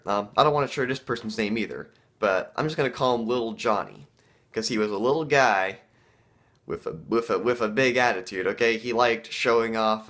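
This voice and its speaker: A man vlogger telling a casual story to camera, halting and full of fillers. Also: lowish voice, a bit bright.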